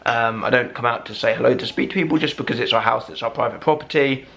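A man's voice: mid-range voice, quick pace, creaky, fairly bright tone, slight background noise. Lispy young man vlogging. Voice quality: lispy from dental braces. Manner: chatty, rambling, friendly storytelling. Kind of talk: casual vlog chat to camera.

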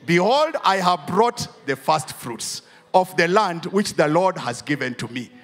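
A man's voice: sits high, big pitch swings, unhurried, a bit bright. A Kenyan pastor preaching a sermon to his church, asking his congregation questions as he goes.

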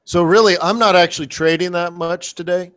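Man, forex coach, live trading commentary, excitable, playful slang, fairly high-pitched. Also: a little fast. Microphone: webcam setup.

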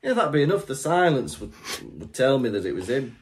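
Lively, wry male podcast co-host. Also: mid-range voice, brisk. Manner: laughs often, wry asides. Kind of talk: casual chat.

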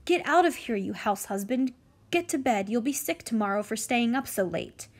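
A woman voicing a fussy older female nurse who scolds and gives orders, jumping up high in pitch when she cries out. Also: lively intonation, moderate pace. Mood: bossy. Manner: bossy, scolding, then wailing. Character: fussing older female nurse, bossy then panicked.

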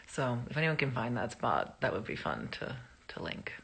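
Low-pitched woman chatting on a live stream. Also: sing-song, normal speed, vocal fry, fairly bright tone, breathy edge. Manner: chatty, rambling, laughs and puts on voices for anecdotes. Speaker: actress answering fans on a live stream. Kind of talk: casual live-stream chat.

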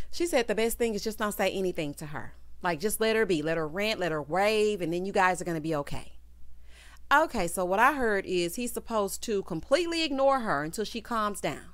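A woman's voice: medium pitch, a bit bright, no echo. A woman giving a sassy, casual recap of a reality show, talking straight to her viewers. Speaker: TV recap reviewer.

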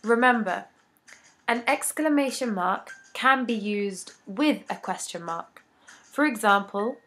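A woman giving a scripted English grammar lesson, reading each rule and example in a measured, deliberate way. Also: mid-range voice, lively intonation, a bit bright. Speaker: English teacher.

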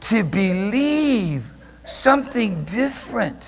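Brief: male pastor, high voice, animated sermon delivery, long church reverb. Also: slow pace, gravelly. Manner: animated preaching, swinging from soft murmurs to loud shouts; laughs often while preaching. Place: church sanctuary.

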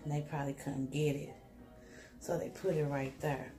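A woman's voice: low voice, steady tone, normal speed, music in the background. A young woman chatting emotionally with viewers, vlogging on a handheld phone inside an animal hospital. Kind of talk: casual vlog chat.

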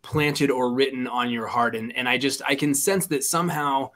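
A man's voice: medium pitch, fairly even intonation, moderate pace, a bit bright. A man co-hosting a radio interview, earnestly telling a story. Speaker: radio show co-host.

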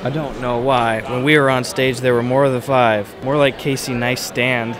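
A young man and vlogger joking in a deadpan, mock-earnest way at a busy convention. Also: medium pitch, normal speed. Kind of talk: joking casual vlog banter. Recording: loud crowd chatter behind.

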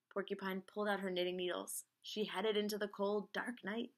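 A woman reads a picture book aloud, lively and expressive. Her voice is bright and crisp, and her sound effects come out sing-song. Her pitch sits in the middle. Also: moderate pace, few pauses. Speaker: reader.

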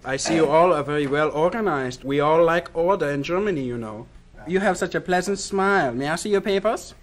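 A man's voice: a little high, fairly quick, lightly acted. A man playing a suspicious German customs officer in a live comedy sketch, barking out interrogating questions. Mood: bossy.

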